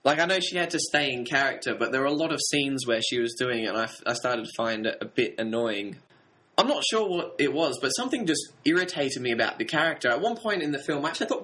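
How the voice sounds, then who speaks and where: A man weighs up a film in a casual, thoughtful way, pausing on fillers as he searches for words. His voice is bright and forceful, at an ordinary pitch for a man. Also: expressive, low-quality recording. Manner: hesitant, thoughtful, frequent fillers. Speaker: podcast co-host. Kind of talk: casual film review chat.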